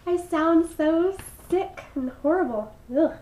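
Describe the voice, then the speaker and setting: A woman's voice: on the high side, unhurried, a little mellow, roomy sound, slight background noise, poor audio. Stuffy-nosed young woman, chatty haul. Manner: chatty, apologetic, frequent ums. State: stuffy and congested from a cold. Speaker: beauty vlogger. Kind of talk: casual product haul.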